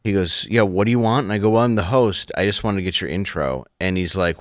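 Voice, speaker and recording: A man telling a comedy club story in casual chat, blunt and deadpan. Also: low voice, fast, no echo, clean studio sound. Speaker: comedian guest.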